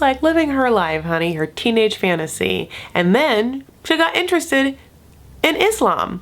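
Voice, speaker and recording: A woman hosting a casual TV recap, chatty and sassy, with frequent side remarks. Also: on the high side. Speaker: YouTube recap host.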